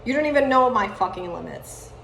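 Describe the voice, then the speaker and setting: A woman's voice: lively intonation, fairly quick, gravelly, a little hiss or hum. Furious, foul-mouthed woman in her thirties. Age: 30s. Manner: furious, profane ranting, swings between loud outbursts and low muttering. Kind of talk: angry monologue to camera.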